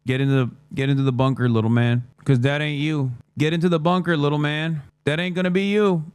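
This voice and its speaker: An American man giving sarcastic, rapid-fire live-stream political commentary. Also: fairly high pitch, steady tone, a little mellow, clear, resonant tone, dry recording. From United States.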